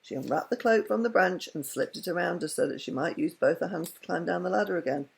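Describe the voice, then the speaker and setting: A woman reading a children's story aloud with an expressive, lilting delivery. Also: on the low side, fast, creaky, slightly rough.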